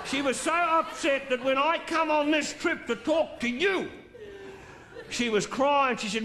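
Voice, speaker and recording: A middle-aged man telling a crude, drawn-out stand-up story on a theatre stage, with theatrical pauses. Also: very high voice, sharp tone, a little hiss or hum. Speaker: stand-up comedian. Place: theatre stage before a laughing audience.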